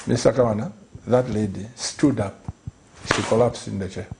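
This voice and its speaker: A middle-aged man, a pastor, telling a story in earnest on a talk show, slow and pleading, repeating phrases for emphasis. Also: lowish voice, fairly even intonation, vocal fry, background noise.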